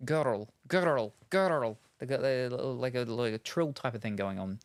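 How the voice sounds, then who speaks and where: A man's voice: medium pitch, moderate pace, smooth. A man chatting casually while unboxing gear, rambling with lots of ums and asides. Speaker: streamer.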